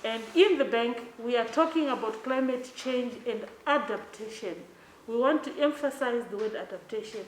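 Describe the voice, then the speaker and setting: A woman's voice: on the high side, a little hiss or hum. Woman giving a formal speech. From Zimbabwe. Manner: measured, emphatic, addresses the mayor formally. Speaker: development bank official giving a speech. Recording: echoey hall with faint ambience.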